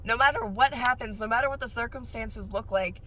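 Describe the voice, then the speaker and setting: A woman who works as a nail technician, sharing her faith testimony in a casual, animated way that jumps up high whenever she gets excited. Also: brisk, slight background noise.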